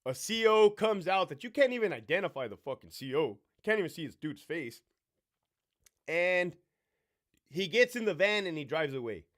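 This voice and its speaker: Brash, animated, swearing man. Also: high-pitched, normal speed. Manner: brash, swearing, animated storyteller mimicking others. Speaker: livestream host. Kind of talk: profane live Q&A storytelling.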